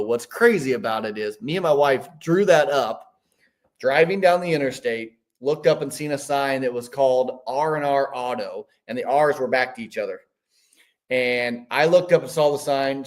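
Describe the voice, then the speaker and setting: A man's voice: medium pitch, normal speed. A man in his fifties telling a story as a podcast guest, rambling with frequent restarts. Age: 50s. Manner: rambling, animated, many restarts. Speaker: podcast guest, business owner. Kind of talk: casual storytelling.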